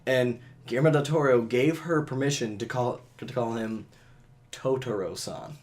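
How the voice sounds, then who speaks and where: A man co-hosting a casual podcast, excitable and rambling, laughing often. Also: medium pitch, normal speed. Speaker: podcast co-host. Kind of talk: casual chat.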